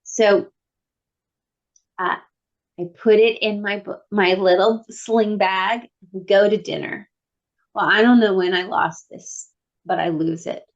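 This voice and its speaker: A woman co-hosting a podcast, telling a story in lively, playful self-mockery. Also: medium pitch, slow pace, long pauses, dull audio. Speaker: podcast co-host. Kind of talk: casual chat.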